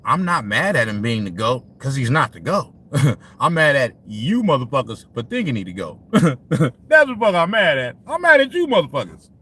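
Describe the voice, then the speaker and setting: A man's voice: mid-range voice, sing-song, normal speed, bright, forceful tone, breathy edge. A man hosting a sports talk livestream, ranting casually with lots of profanity and frequent laughter as he talks to his chat.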